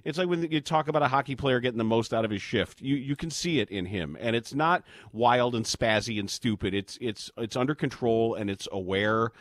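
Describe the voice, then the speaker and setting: Man, sports radio host, casual talk, animated, dry close studio sound. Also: mid-range voice, a little fast, few pauses, dry recording. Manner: animated, mock-outraged bursts.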